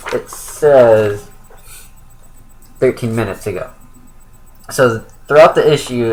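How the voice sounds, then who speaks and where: A man's voice: medium pitch, a little mellow, low-quality recording. A young man giving a casual, rambling spoken review of a comic book, with lots of fillers and self-corrections.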